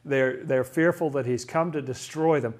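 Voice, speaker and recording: A man's voice: mid-range voice, normal speed, a little mellow. Chatty man leading a Bible study. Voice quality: asks lots of questions, chatty, stumbles and restarts. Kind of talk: casual Bible study teaching.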